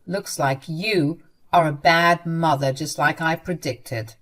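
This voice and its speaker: A woman's voice: low-pitched, takes it slowly, fairly bright tone. A woman voicing a cruel, bitter sister-in-law who talks in a sneering, cutting way. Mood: scornful.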